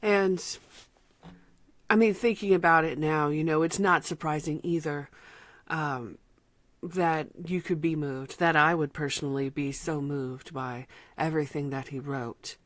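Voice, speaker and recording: A woman reviewing an album, speaking from the heart and close to tears, sometimes dropping to a soft whisper. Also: low voice, fairly even intonation, unhurried, no room sound. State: emotional, near tears. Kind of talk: emotional personal vlog talk.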